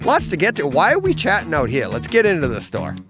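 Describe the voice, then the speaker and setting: A man co-hosting a casual podcast chat in a comic book store, an animated storyteller who laughs at his own jokes. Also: sits high, fast, over loud music. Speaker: podcast co-host.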